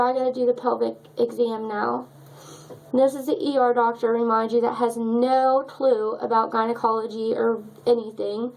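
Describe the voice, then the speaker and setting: Emotional young woman with a gravelly voice. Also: on the high side, a little mellow, rough recording. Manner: emotional, choked up. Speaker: vlogger. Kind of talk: personal story vlog.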